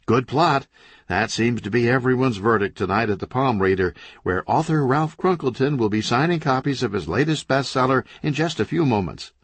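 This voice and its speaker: A man voicing a pushy, sharp-tongued female TV newswoman with a brisk on-air delivery, raised well above his own pitch. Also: expressive, slightly rough, dry recording. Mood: perky.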